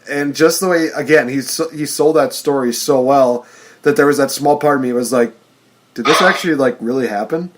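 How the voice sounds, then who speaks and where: A man hosting a casual podcast chat, steering the talk, laughing often and using lots of fillers. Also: medium pitch. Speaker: podcast host.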